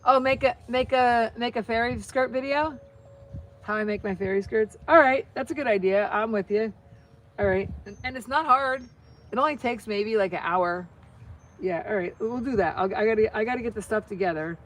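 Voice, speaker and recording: A woman's voice: a little high, moderate pace. A middle-aged American woman chatting casually to viewers while crafting, rambling, with many restarts. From United States. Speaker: vlogger.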